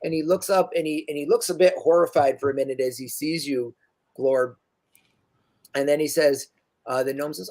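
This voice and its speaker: A woman running a tabletop game, narrating quickly and casually with fillers and frequent self-corrections. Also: low-pitched, fairly even intonation, mellow. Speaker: game master.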